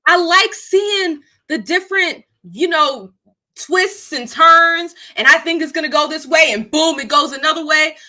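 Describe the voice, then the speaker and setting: A woman's voice: high voice, measured pace, sharp tone. A woman hosting her live stream, giving emphatic, profane commentary and laughing often between points. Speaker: streamer and channel host.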